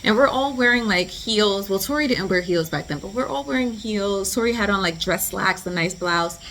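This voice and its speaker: Animated woman telling a storytime. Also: mid-range voice, moderate pace, a little hiss or hum. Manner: animated, slangy storytelling with lots of "like". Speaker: vlogger. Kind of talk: storytime vlog.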